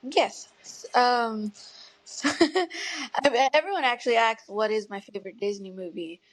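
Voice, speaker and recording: A woman in her thirties telling her story as an interview guest, earnest and tearful at times, with soft laughs. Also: a little high, expressive, unhurried, no echo, low-quality recording. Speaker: guest parent advocate. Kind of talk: emotional personal storytelling.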